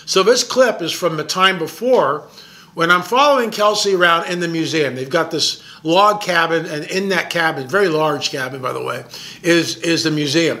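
A filmmaker talking about his own work in a casual, excitable monologue. He stresses his points and often repeats words as he goes. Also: fairly high pitch. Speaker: documentary filmmaker.

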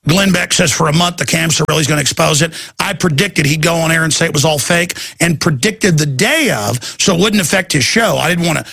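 Man, middle-aged, talk radio host, impassioned rant, gravelly raspy voice, dry close sound. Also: a little high, pushed and bright, no echo. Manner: rapid, impassioned ranting.

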